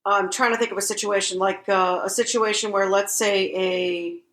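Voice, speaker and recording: At a normal speed and mid-range pitch, a woman shares stories on a laid-back podcast she co-hosts. Her delivery is lively, sprinkled with fillers, and she acts out what people said.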